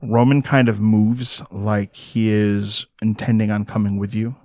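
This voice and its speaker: A man narrating as game master of a tabletop game, descriptive and unhurried. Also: on the low side, flat delivery, warm tone, no echo, studio quality.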